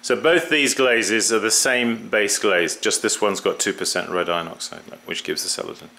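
Bright-toned man demonstrating pottery glazing. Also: fairly low pitch, gravelly, slight background noise. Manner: halting, repeats words, talks while working. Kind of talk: casual workshop demonstration.

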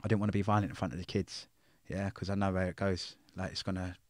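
A man's voice: sits low, little pitch movement, quick pace, no room sound. A middle-aged man, telling his life story bluntly in an interview, full of swearing and street slang. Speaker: interview guest.

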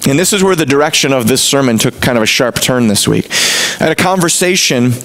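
A man's voice: mid-range voice, lively intonation, quick pace, fairly bright tone, poor audio. A male pastor preaching a sermon from the pulpit in an emphatic, rising and falling delivery. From United States.

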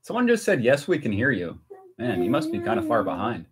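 An American man chatting casually and excitedly on a live stream while tasting snacks. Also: on the low side, a little fast, crowd noise. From United States. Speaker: vlogger.

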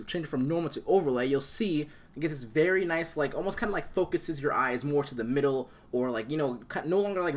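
A young man hosting a casual software tutorial, rambling and enthusiastic, full of fillers and restarts. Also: fairly high pitch. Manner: rambling, enthusiastic, many fillers and self-corrections. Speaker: tutorial host.

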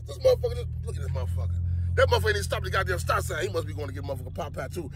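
A young man ranting loudly and comically, swearing and exasperated, talking from outdoors and in a car. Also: high voice, animated, very fast. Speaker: comedian. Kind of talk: profane comedic rant.

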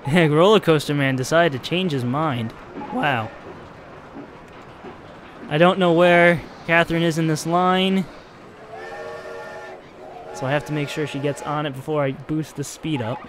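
Male streamer, high-ish voice, casual play-by-play, easily exasperated, light background noise. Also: measured pace, pauses often. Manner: excitable, swings from chatty narration to exasperated outbursts. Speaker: streamer playing a park-building game. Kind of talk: casual gameplay commentary.

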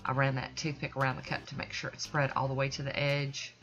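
Woman, low bright voice, folksy, enthusiastic tutorial host. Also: little pitch movement, brisk, dull audio. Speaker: nail art channel host. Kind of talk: casual tutorial voice-over. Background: soft background music.

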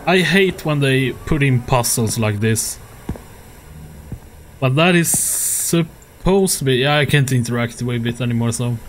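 Speaking at a measured pace in a mid-range voice, with slight background noise, a YouTuber provides let's play commentary on a horror game. He swears often and laughs whenever he gets frustrated.

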